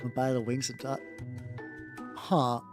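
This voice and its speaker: A middle-pitched American streamer chatting loosely while painting, rambling and cursing, tripping over restarts. Quiet background music plays under the voice. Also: level tone, measured pace. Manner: rambling, frequent restarts and swearing. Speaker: VTuber streamer painting miniature terrain. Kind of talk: casual livestream chat while painting. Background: faint background music.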